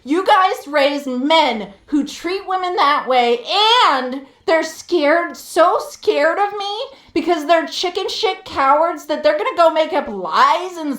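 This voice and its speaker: Ranting as she plays on her live stream, this woman swears and says things again and again to drive her point home. Her voice is high and fairly bright, with roomy echo around it.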